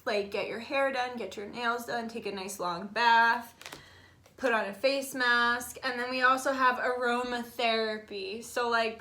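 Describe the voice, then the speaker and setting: A young woman giving a casual tarot reading, chatty and animated, swearing freely. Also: high-pitched, a little hiss or hum. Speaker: tarot reader.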